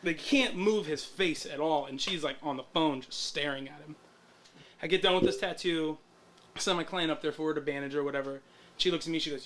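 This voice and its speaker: A man, a guest tattoo artist, telling stories in a casual, animated way with plenty of swearing. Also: on the high side, brisk. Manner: animated, profane, laid-back. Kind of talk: casual storytelling.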